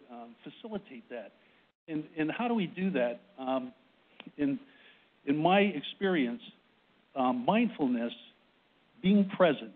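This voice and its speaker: A man from Boston giving a workplace presentation to an audience, short of breath, who often restarts and keeps checking in with "right?". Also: a little high. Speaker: presenter on a panel. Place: conference room with audience. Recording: tinny phone-like recording.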